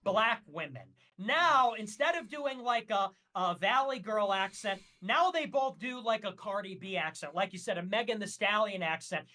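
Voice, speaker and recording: A man's voice: high-pitched, lively intonation, moderate pace, hardly any pauses, sharp tone. A man talking as a guest on a casual livestream, ranting emphatically and with strong opinions, with frequent fillers.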